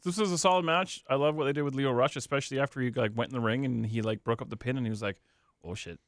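A man co-hosting a podcast in casual chat, excitable and quick, swearing freely. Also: mid-range voice, no echo. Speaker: podcast co-host.

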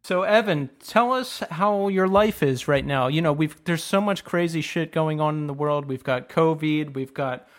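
A man with a Philadelphia-area accent hosts a casual podcast. His voice sits a touch high. He keeps things easygoing and jokey. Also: normal speed, few pauses. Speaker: podcast host.

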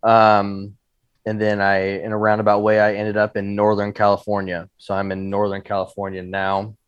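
Male podcast guest from Oregon, lower voice, chatty and upbeat. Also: completely flat delivery, normal speed, smooth, no room sound, lo-fi sound. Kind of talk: casual podcast chat.

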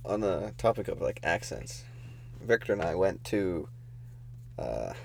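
A man's voice: sits low, very animated, measured pace, creaky. A young man co-hosting a casual podcast, telling a rambling story and laughing as he goes. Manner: rambling, laughs often, loses his thread. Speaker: podcast co-host.

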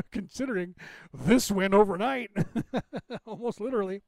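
A man's voice: high voice, takes it slowly, gravelly, dry recording. A man in his fifties hosting a podcast, rambling casually through anecdotes and laughing often. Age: 50s. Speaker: podcast host.

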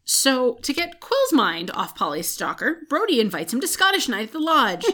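A woman's voice: high-pitched, huge pitch swings, normal speed, pushed and bright. A woman co-hosting a podcast, retelling a book's plot in casual chat, with frequent "um" fillers. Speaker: podcast co-host. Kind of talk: casual book recap chat.

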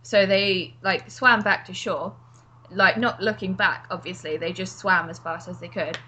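A woman's voice: lowish voice, fairly even intonation, measured pace, sharp tone, slight background noise. A woman co-hosting a casual chat, telling stories with frequent "like" and "um". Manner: chatty storyteller, fillers like "like" and "um".

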